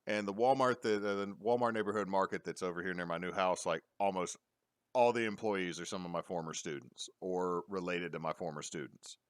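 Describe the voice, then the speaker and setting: A man's voice: deep voice, a little fast, clear, resonant tone, dry recording, studio quality. A middle-aged man, co-hosting a casual chat and acting out the people in his stories. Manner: animated storyteller, acts out quotes. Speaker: podcast co-host.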